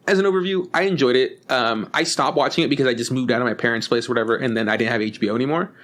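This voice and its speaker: Young guy on a podcast, rambly and sweary, mid pitch, keeps doing little voices. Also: fairly bright tone. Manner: rambling, profane, acts out scenes in quoted voices. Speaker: podcast co-host. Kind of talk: casual chat.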